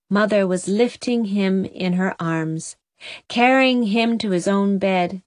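A woman's voice: mid-range voice, slow, no echo. Woman reading an audiobook in a dry voice. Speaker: narrator. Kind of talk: audiobook narration.

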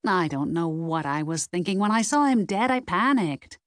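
A woman's voice: fairly low pitch, animated, normal speed, dry recording, studio quality, close to an everyday voice. A woman voicing a defensive, flustered woman who has been caught having an affair.

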